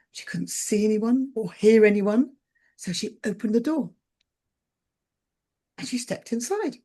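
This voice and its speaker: Woman storyteller, husky voice, wry and brisk. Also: fairly high pitch, mellow. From England. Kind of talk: oral storytelling performance.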